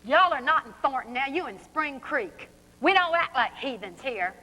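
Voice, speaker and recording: A man's voice: very high-pitched, lively intonation, moderate pace, pushed and bright, pitched above the performer's own voice, full character voice. A woman reading aloud and putting on the voice of a blustering male small-town sheriff who scolds a group of women. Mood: scolding. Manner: scolding, preachy. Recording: reverberant hall, faint noise.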